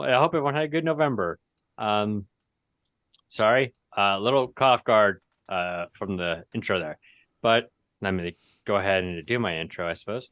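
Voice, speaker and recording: A game master with a lowish, somewhat bright voice opens a live tabletop show over a video call in a dry recording. He chats loosely and rambles, using lots of fillers and correcting himself as he restarts.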